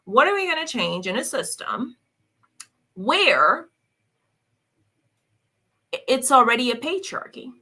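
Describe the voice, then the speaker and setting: Lively, bright-voiced scornful woman host. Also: high-pitched, slow pace, long pauses, husky. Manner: scornful, combative, repeats questions mockingly. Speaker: commentary host reacting to clips. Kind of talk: reaction commentary.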